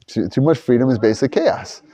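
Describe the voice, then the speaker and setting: A man with a mellow, darker tone teaches a relaxed class discussion in a study hall. His pitch sits in an ordinary middle range. He rambles and restarts his sentences as he thinks aloud. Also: fairly quick.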